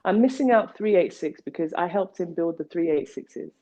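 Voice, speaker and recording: A low, mellow-voiced woman from Nigeria, interviewed as an artist, talking in a rambling, playful way with plenty of wordplay. The recording is dull and lo-fi. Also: animated, normal speed. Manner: playful, tangential, full of wordplay. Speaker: artist guest.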